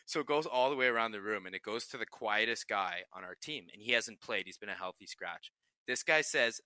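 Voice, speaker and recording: A man's voice: mid-range voice, very animated, normal speed, pushed and bright, no echo. A young man, a pro hockey player and podcast co-host, telling profane, laughing stories in casual chat.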